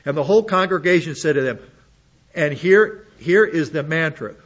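A man's voice: fairly high pitch, moderate pace, highs cut off. A man preaching an expository sermon, reading scripture aloud and commenting on it with blunt sarcasm.

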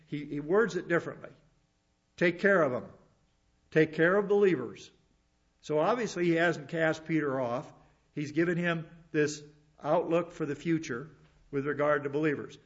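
Male preacher, fairly high voice, earnest verse-by-verse sermon, muffled lo-fi recording. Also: moderate pace. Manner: earnest, explains scripture verse by verse with asides. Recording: dull lo-fi sound.

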